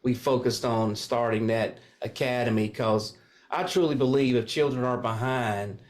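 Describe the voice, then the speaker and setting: An older man from Kentucky talks in an earnest, steady way, pausing on fillers as he explains his background. His voice sits at an ordinary middle pitch for a man. He has the settled delivery of a longtime pastor. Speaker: pastor and candidate. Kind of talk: casual interview talk.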